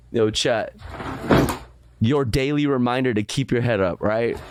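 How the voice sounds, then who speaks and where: A man's voice: medium pitch, heavy background noise. A man streaming live and reacting to clips, chatting loosely, laughing and swearing often. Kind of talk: casual chat.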